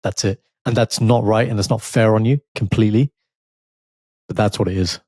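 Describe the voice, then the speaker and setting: Animated man, dry close sound. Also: on the low side, moderate pace, no echo. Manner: animated, laughs while telling stories. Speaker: podcast co-host. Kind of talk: casual chat.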